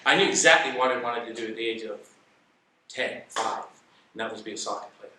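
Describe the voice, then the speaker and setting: A man's voice: medium pitch, fairly quick, noisy background. Older man telling stories in an echoey room. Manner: reflective, self-deprecating storyteller. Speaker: interview guest, salon educator. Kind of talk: casual storytelling interview. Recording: echoey room, mic at a distance.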